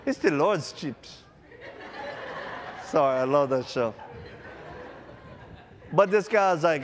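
A man preaching a sermon to a live audience, telling stories with acted-out voices and loud bursts, then leading an altar call. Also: medium pitch, measured pace, long pauses, long reverb tail, a little hiss or hum.

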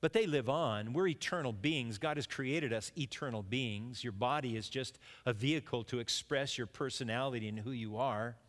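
A man's voice: mid-range voice, moderate pace, hardly any pauses, a bit bright, in a large hall. A man preaching a conversational sermon, now and then acting out imagined voices. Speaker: pastor.

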